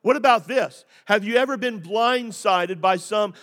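A male pastor with a very high voice preaches to his congregation in a church sanctuary. He talks in a conversational way, keeps asking rhetorical questions and sometimes bursts into emphatic shouts. A long reverb from the large hall trails after his words. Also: unhurried. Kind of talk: sermon. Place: church sanctuary, also streamed online.

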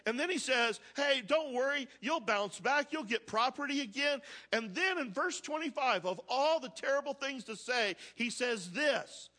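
A pastor preaching a conversational sermon, reading scripture aloud and asking the congregation questions. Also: male voice, very high voice, lively intonation, moderate pace, pushed and bright.

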